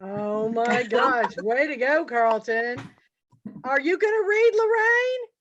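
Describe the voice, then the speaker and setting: A woman's voice: sits high, animated, slow pace, muffled recording, crowd noise. A woman hosting an online book club reading, cheering on each author and calling the next one. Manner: bubbly, cheering each reader on. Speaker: event host.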